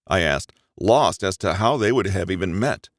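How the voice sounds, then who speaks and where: A man narrating a first-person romance audiobook in an expressive, even storytelling manner. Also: low-pitched, moderate pace, no echo.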